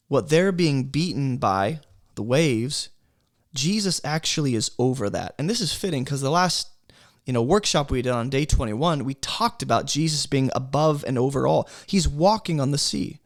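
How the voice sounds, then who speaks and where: A man's voice: mid-range voice, expressive, moderate pace, dry recording, clean studio sound. A man leading a casual Bible study workshop, talking conversationally and with emphasis, often checking in with his listeners. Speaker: Bible teacher.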